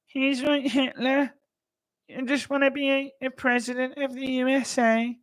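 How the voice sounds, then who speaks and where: A shrill, mocking caricature of a politician, as a man puts it on. The voice sits very high and flat, drawn out slowly and thinly. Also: low-quality recording. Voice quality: thin, squeaky, drawn-out.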